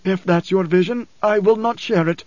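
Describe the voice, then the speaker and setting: A man voicing an old blind preacher, hoarse, bitter and fearful, with tense, raised and pleading lines. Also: sits high, moderate pace, darkish tone, no room sound, muffled recording, voice pushed up, lightly acted.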